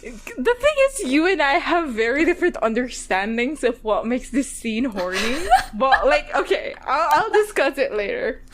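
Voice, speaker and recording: A woman's voice: high-pitched, very animated, normal speed, hardly any pauses. A woman co-hosting a podcast, chatting casually about a TV episode, giggling and rambling as she quotes characters. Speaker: podcast co-host. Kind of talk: casual chat recapping a TV episode.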